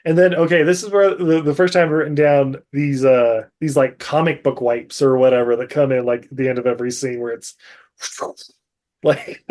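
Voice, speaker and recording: A man's voice: medium pitch, fairly even intonation, normal speed, darkish tone. A man casually recapping a movie on a podcast, rambling with lots of fillers and frequent laughter. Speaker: podcast co-host.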